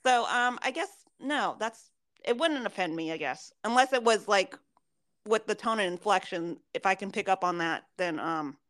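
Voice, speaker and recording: A woman co-hosts a podcast in a casual chat, blunt, emphatic, and swearing freely. Her mid-range voice has lively intonation and a slightly bright quality, at a moderate pace.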